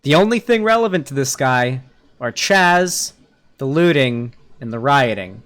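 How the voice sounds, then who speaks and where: A man's voice: mid-range voice, lively intonation, measured pace, a bit bright. A man casually reacting to a video clip, mocking it and swearing freely. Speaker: political commentary youtuber.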